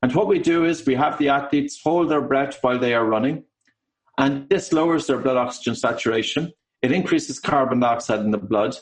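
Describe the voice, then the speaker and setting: Irish man explaining at a measured pace. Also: medium pitch, poor audio. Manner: measured, explanatory, with occasional ums. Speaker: author and breathing coach. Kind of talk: explanatory interview answers.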